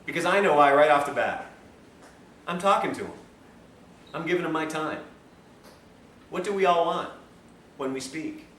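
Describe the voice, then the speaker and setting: A man lecturing to a class, spinning stories and slipping into the voices of the people in them, with frequent laughs. His voice sits high and bright. The recording catches him from across an echoey room with faint background hiss. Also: normal speed, pauses often, recorded from a distance. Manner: animated, acts out dialogue in stories, laughs often. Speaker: health lecturer. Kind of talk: storytelling lecture to a live class.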